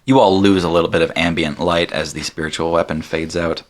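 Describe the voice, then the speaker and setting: A man narrating a tabletop game as game master, animated and laughing through the story. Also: deep voice, brisk.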